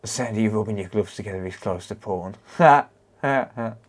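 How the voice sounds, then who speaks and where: His voice here is fairly low and moderately paced as the British-accented man keeps up casual livestream chat during his repair work, naming viewers as he greets and thanks them.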